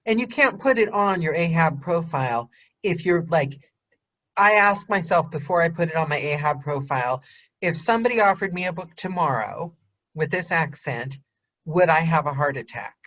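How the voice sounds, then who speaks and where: American woman, host, lively up-and-down voice, chatty, muffled lo-fi audio. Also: sits low. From United States. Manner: chatty, quick, laughs often. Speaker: podcast host. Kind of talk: casual video-call chat.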